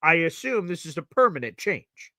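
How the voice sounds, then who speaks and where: Animated, lively-pitched sports host. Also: male voice, normal speed, no echo, studio quality. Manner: animated, blunt, opinionated, swings between excited and mutter. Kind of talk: live sports reaction talk show.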